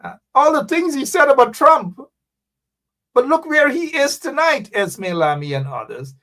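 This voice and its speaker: A man's voice: very high-pitched, measured pace. A man hosting live political talk radio, reading out viewer comments and urging listeners with repeated phrases. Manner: animated, preachy, calls out names, repeats phrases for emphasis. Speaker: radio show host.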